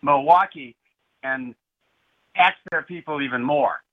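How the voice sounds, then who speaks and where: A man's voice: a little high, unhurried. A man calling into a radio show, ranting with indignation. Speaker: phone-in caller. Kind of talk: call-in radio talk. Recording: tinny phone line.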